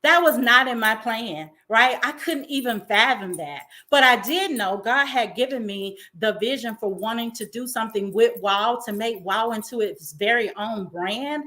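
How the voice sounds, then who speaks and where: A woman host speaks in a bright, slightly high voice. She talks in an emotional, effusive, faith-filled way, encouraging and uplifting her audience. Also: normal speed, hardly any pauses. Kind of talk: inspirational talk-show monologue.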